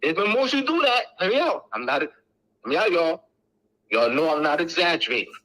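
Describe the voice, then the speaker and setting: A middle-aged man lectures fairly quickly and very animatedly, his voice high, sharp and forceful. Casual yet insistent, he repeats himself for emphasis in a low-quality recording.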